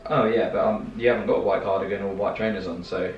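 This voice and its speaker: A man's voice: fairly low pitch, fairly even intonation, quick pace, slight background noise. A young man from the UK, a guest, bantering casually and joking around. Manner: joking and playful. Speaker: boyfriend guest. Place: room at home. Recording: echoey, distant and a bit dull.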